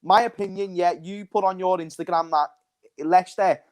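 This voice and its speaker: Scouse man, guest on football stream, laddish, emphatic, slightly high voice. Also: steady tone, moderate pace, darkish tone.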